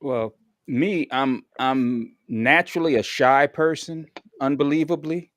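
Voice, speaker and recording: A man's voice: medium pitch, unhurried, fairly bright tone, dry recording, clean studio sound. A man on a podcast panel speaks hesitantly, restarting his sentences. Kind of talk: casual panel chat.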